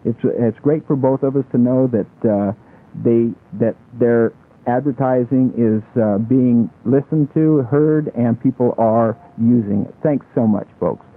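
A man hosting a local radio talk show, folksy and halting as he thanks sponsors and questions his guest. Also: mid-range voice. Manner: folksy, halting, friendly ad plugs. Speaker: radio host. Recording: thin phone-like radio sound.

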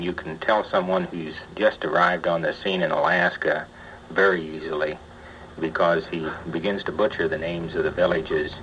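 A man interviewing as a radio broadcaster, asking relaxed, conversational questions. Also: deep voice. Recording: muffled archival tape with faint hiss.

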